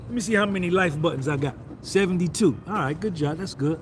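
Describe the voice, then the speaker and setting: A middle-aged man on a casual live stream, loose and boastful, repeating himself as he shouts out viewers. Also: fairly high pitch, fast, background noise. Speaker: vlogger doing a live stream.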